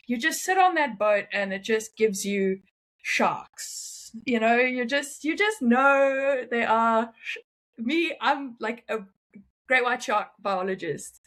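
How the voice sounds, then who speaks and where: A young woman telling stories as an interview guest, animated and often laughing. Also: on the high side. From South Africa. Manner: animated, laughing, quick asides. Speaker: guest, freediver. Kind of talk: casual interview storytelling.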